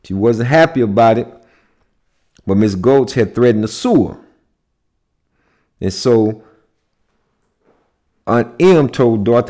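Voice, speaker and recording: A man from the United States lecturing at an unhurried, measured pace, with a mid-pitched voice. He speaks deliberately and often stops to check that his listeners are following. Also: expressive, dark tone. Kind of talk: lecture on symbolism.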